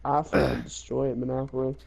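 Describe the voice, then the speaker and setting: A young man telling a game story in casual chat, animated, laughing and swearing. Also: medium pitch, fairly quick, creaky, low-quality recording.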